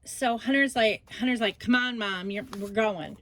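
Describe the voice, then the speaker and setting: Hosting a relaxed scrapbooking vlog, an older woman with a slightly high voice and normal pace goes on at length about a family argument, retelling it with plenty of animation.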